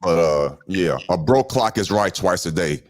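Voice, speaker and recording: A man's voice: low-pitched, animated, normal speed, over a noisy crowd. A man on a podcast panel who talks in teasing, casual slang during a heated debate.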